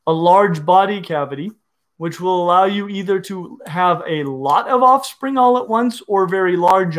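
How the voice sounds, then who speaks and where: Eager, explaining man, slightly high voice. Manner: enthusiastic, explanatory, with many restarts. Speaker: reptile educator answering viewer questions. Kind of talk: casual livestream Q&A.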